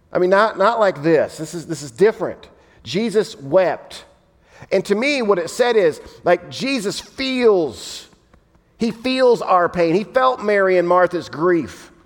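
Conversational preacher, slightly high voice. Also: male voice, long reverb tail. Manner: conversational, repeats words, animated. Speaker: pastor. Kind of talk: sermon. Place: church hall with in-room and online audience.

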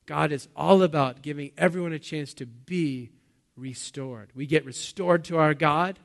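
Man, pastor, sermon, fairly high voice, animated, asks the congregation questions. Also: unhurried, gravelly. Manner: animated preaching, swinging from loud bursts to quiet low lines.

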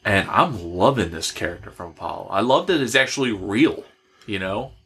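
A man's voice: fairly low pitch, animated, moderate pace, fairly bright tone, breathy edge. A man co-hosting a casual wrestling podcast, enthusiastic and casual, calling people bro and dude. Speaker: podcast co-host.

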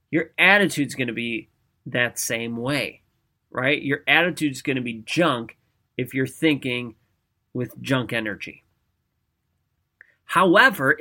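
Male motivational speaker, fairly high, bright voice, lively and conversational. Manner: energetic, conversational, often asks "right?". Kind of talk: motivational talk to camera.

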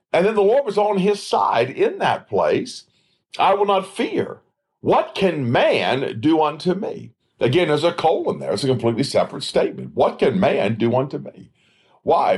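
A man's voice: a little high, a little mellow, slightly rough. A man preaching a Bible study in a sermon style, asking rhetorical questions and answering them himself. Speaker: preacher, former evangelist.

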